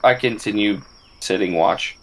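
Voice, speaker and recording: Male player, lower voice, slow and hesitant delivery. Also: a bit bright, poor audio. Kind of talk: casual tabletop game chat.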